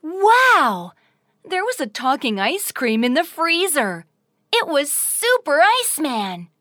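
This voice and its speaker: A woman narrating a children's audio story in an expressive, sing-song, deliberate way. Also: high-pitched, dry recording, studio quality.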